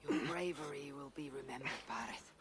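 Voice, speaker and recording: A man's voice: medium pitch, a little fast, very noisy, lightly acted. An actor playing a blunt, loyal male Viking leader who speaks firmly in a video game. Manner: firm, blunt.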